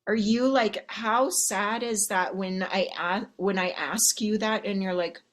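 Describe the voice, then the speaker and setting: A woman's voice: mid-range voice, steady tone, measured pace. A woman coach giving a sassy, teasing live pep talk to her viewers, swearing freely and checking in with "okay?". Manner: sassy, teasing, profane, keeps asking "okay?". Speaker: love and life coach.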